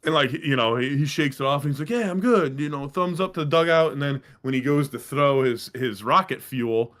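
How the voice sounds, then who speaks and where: Man, podcast co-host, casual chat, rambling, profane, animated storytelling, mid pitch. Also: brisk.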